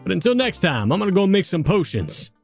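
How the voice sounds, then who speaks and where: A man's voice: sits high, big pitch swings, fairly quick, vocal fry, soft background music, pitched above the performer's own voice, heavily acted. Man doing a potion-shop keeper. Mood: folksy. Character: folksy Cajun male potion-shop keeper. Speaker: podcast cast member. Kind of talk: in-character Patreon shoutouts.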